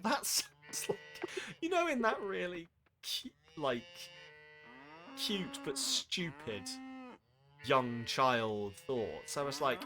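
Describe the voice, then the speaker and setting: A man's voice: mid-range voice, wildly swooping pitch, takes it slowly, pauses often, music in the background. A man streaming a game with casual, rambling commentary, self-mocking and full of asides.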